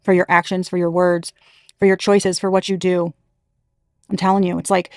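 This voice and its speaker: A woman's voice: on the low side, level tone, moderate pace, pauses often, dry recording. Woman tarot reader, chatty and emphatic, freely swearing, dry close sound. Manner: chatty, emphatic, laughs often, swears casually. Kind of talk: casual spiritual reading to camera.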